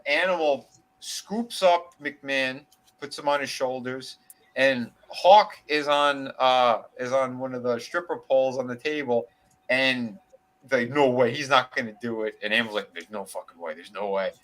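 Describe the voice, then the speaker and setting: A man's voice: mid-range voice, a little slow, fairly bright tone, rough recording. A man co-hosting a casual wrestling podcast, telling a long story in a rambling way, with many fillers and restarts and casual swearing. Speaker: podcast co-host.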